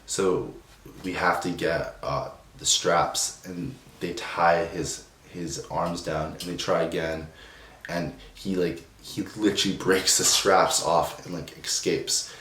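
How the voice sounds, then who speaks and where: A young man telling a personal story in a subdued, emotional way, halting with many restarts and fillers. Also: low-pitched, steady tone, a bit bright. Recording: roomy echo, distant from the mic, faint noise.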